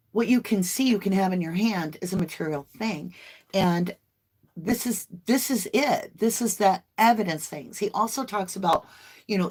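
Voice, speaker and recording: A woman, hosting a casual livestream tarot reading in a chatty, folksy way and addressing viewers as y'all. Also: medium pitch. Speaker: tarot reader livestream host.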